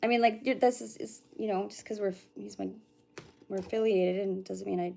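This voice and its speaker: A woman's voice: mid-range voice, fairly even intonation, fairly quick, gravelly, warm tone. Chatty woman doing live psychic readings. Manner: chatty, greets viewers by name, hums and mutters to herself between readings. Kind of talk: casual livestream chat with viewers.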